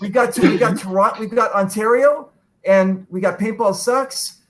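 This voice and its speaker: A man's voice: sits high, moderate pace. A man hosting a casual video-call chat, fumbling and repeating himself as he searches online.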